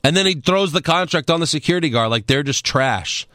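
A man's voice: a little high, expressive, a little fast, sharp tone, no echo. A man co-hosting a casual podcast, recapping events in a laid-back way with dry jokes. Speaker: podcast co-host recapping wrestling. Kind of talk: casual chat.

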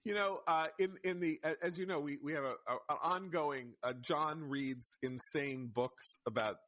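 A man's voice: on the high side, normal speed, a bit bright. A man co-hosting a casual podcast chat, rambling through his thoughts and laughing easily. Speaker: podcast co-host.

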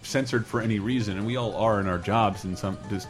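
A man hosting a casual chat, animated and laughing often, swearing freely. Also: fairly low pitch, fast, faint music behind.

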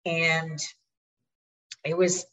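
Slow-spoken woman telling a story. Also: deep voice, little pitch movement, a bit bright, recorded from a distance, muffled recording. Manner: reflective, unhurried storytelling. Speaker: guest, executive coach. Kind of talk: storytelling in an interview.

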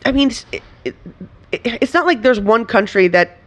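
A woman from Venezuela, a writer and performer, talking in a casual interview with animated, laughing delivery and frequent restarts. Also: fairly high pitch, moderate pace.

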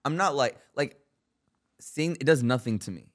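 A man guest on a podcast, speaking in a relaxed, matter-of-fact way. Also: mid-range voice, moderate pace. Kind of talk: casual chat.

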